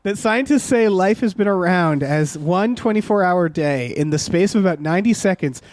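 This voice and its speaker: Sarcastic high-voiced man ranting. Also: expressive, moderate pace, darkish tone, dry recording. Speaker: podcast co-host. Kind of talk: casual movie commentary.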